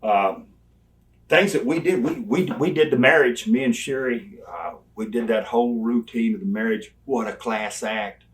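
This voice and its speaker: An older man, telling animated, folksy stories as an interview guest and laughing along the way. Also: mid-range voice, moderate pace. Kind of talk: storytelling in a sit-down interview.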